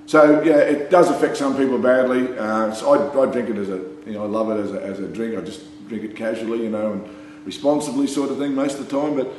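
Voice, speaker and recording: A man's voice: medium pitch, steady tone, brisk, a little mellow. Australian man spinning a rambling yarn, echoey room. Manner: rambling, laughing, full of "you know" and "mate". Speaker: storyteller. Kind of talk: casual anecdote. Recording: very echoey room with faint hum.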